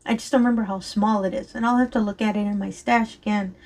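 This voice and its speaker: A woman's voice: medium pitch, steady tone, fast talker, a little mellow. A woman chatting casually and rambling while she works on a craft, her voice a little strained from allergies, often apologizing and laughing. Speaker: crafting vlogger. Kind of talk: casual chat while diamond painting.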